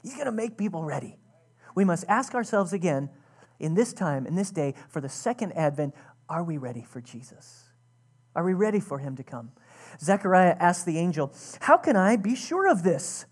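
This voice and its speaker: A woman's voice: lowish voice, lively intonation, normal speed, a little mellow, breathy edge. A woman pastor giving a conversational, earnest sermon, often restarting her sentences.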